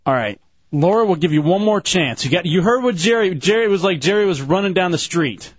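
Guy hosting a call-in radio show, kinda high voice, laughing a lot, muffled audio. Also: expressive, slightly rough, dry recording. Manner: laughing, teasing, quick back-and-forth. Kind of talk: casual call-in radio banter.

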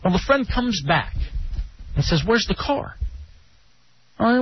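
A man co-hosting a radio show, telling a story in a casual, animated way and jumping up in pitch when he gets indignant. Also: a little slow, long pauses, breathy edge. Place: radio studio. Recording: dull lo-fi radio broadcast.

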